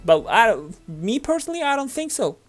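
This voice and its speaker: With an extremely high, sing-song voice, a Turkish gaming host talks briskly in accented English over his play. His commentary is casual, rambling, and full of fillers, and faint music can be heard in the background.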